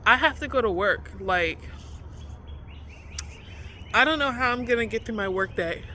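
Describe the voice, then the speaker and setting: A woman's voice: medium pitch, bright, forceful tone, slight background noise. A woman vlogger talking to her camera from a car, venting candidly in an emphatic, repetitive way, with plenty of swearing.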